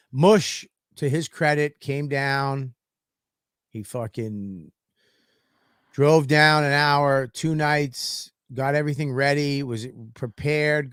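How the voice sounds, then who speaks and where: In studio-quality sound with no room tone, a man's mid-range voice comes across clear and resonant. He's a podcast co-host chatting casually, telling a story as a swear-filled rant.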